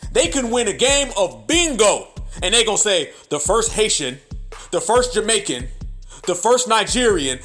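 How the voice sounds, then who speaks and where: A man's voice: extremely high pitch, fairly bright tone. A man hosting a commentary channel, ranting in an emphatic, sing-song way with repeated mocking phrases.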